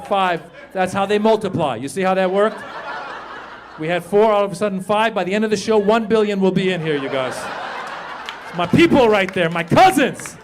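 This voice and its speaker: Male stand-up comic, high voice, loud animated delivery, faint room hiss, handheld stage mic. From Iran. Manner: animated, shouting punchlines to the crowd. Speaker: stand-up comedian. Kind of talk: stand-up comedy set. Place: comedy club stage with live audience.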